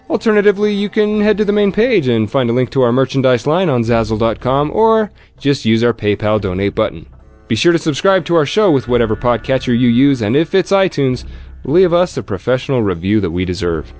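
A male podcast host whose pitch swings all over the place as he jokes around with his guests. He reads his sign-off plugs fast and animatedly, with faint music playing behind him. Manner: animated, jokey, rattles off plugs quickly. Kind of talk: casual podcast chat.

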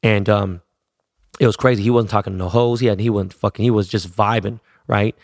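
A man's voice: fairly low pitch, fairly even intonation, creaky, no room sound, studio quality. A middle-aged man from Los Angeles, a DJ and producer casually telling a story full of cursing and street slang, acting out the voices of the people in it. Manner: profane, streetwise slang, quotes others in quick voices.

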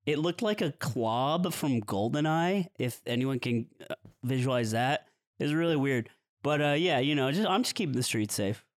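A man's voice: mid-range voice, normal speed. A young man co-hosting a podcast, casually telling a story and acting out what people said. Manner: animated storyteller, acts out quotes, swears freely. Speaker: podcast co-host.

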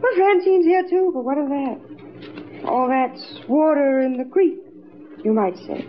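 A woman's voice: high voice, unhurried. An actress playing a scheming young woman in a 1940s radio drama, cooing and sweetly sly. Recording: dull old radio broadcast with faint hiss.

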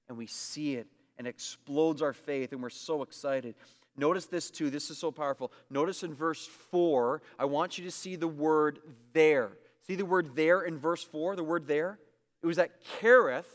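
A man preaches a sermon in a church, his voice sitting a touch high for a man. He repeats key phrases for emphasis and swings between loud, rising bursts and quiet, low asides. The sound carries the long reverb of a big sanctuary. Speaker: pastor.

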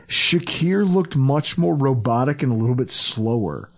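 A man hosting a sports podcast, chatting casually, animated and profane, acting out quotes as he goes. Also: medium pitch, measured pace. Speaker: podcast host.

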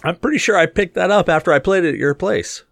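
A man co-hosting a gaming podcast in casual chat, animated and joking. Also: vocal fry, no room sound. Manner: animated, joking, quick swings in pitch. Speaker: podcast co-host.

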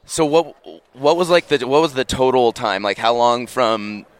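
A man's voice: mid-range voice, animated, normal speed, clean tone. A man hosting a casual interview, reacting with chatty enthusiasm and asking loose questions. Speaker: podcast host.

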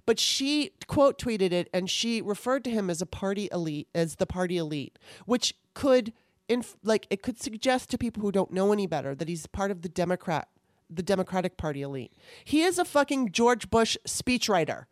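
A woman's voice: mid-range voice, lively intonation, moderate pace, dry recording, clean studio sound. A woman co-hosting a podcast over a remote call, ranting heatedly and swearing often in casual political chat. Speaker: podcast co-host.

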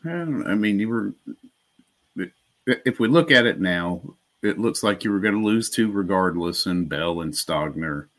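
Laid-back low-voiced male co-host. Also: animated, a little slow, a bit bright. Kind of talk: casual sports talk.

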